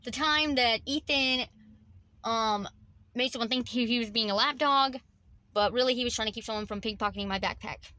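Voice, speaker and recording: Halting, higher-voiced woman vlogger. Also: bright, forceful tone. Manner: halting, rambling, with frequent restarts; fond, reminiscing about her dog. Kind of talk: casual countdown vlog.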